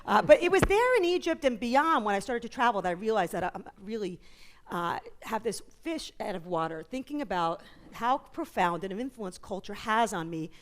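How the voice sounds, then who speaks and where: A woman talks on a conference stage at a middle pitch. She tells stories in an animated way and drops in quick jokes and asides. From New York, USA. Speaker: author and psychologist guest. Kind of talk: conference interview talk.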